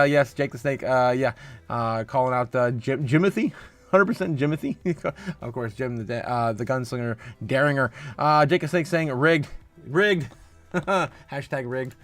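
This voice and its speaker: A man in a mid-range voice hosts a loose crypto livestream, chatting straight to his viewers and reading their comments aloud. He laughs easily and swings from rambling, filler-packed asides into loud, hyped-up bursts. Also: mid-range voice. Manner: excitable, laughs often, loud bursts of hype; frequent filler uhs and restarts. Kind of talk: casual live-stream commentary reading chat.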